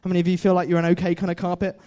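High-voiced man giving a chatty sermon. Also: monotone, very fast, mellow. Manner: chatty, laughs often, asks the audience questions. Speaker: preacher. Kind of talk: informal sermon.

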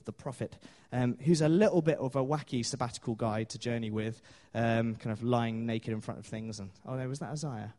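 A man's voice: mid-range voice, a little mellow. A man preaching a sermon in a chatty storytelling way, with many fillers and small laughs.

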